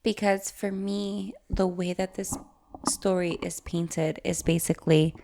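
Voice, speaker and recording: A woman co-hosting a casual book podcast, animated and laughing often. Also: on the low side, measured pace. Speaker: podcast co-host.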